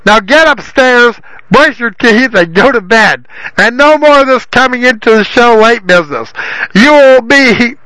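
A man voicing a decrepit but loud old father who scolds his son. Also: very high voice, animated, unhurried, voice pushed up, exaggerated voice, low-quality recording. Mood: scolding. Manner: bellowing, scolding.

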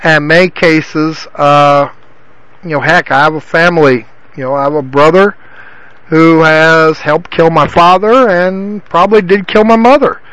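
A man's voice: fairly high pitch, steady tone, measured pace, fairly bright tone, clear, resonant tone, poor audio. A man giving an informal Bible teaching in a rambling way, with frequent restarts and filler phrases. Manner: rambling, repeats himself with many restarts and "you know".

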